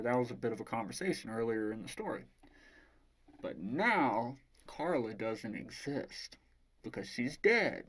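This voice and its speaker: A man's voice: mid-range voice, fairly bright tone. A man casually retelling a novel's plot as a book reviewer, rambling and swearing freely.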